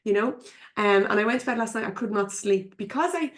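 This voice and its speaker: A woman's voice: medium pitch, a little fast. An Irish woman giving a live coaching webinar from her computer at home, chatty and frank, laughing often and swearing casually. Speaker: business coach.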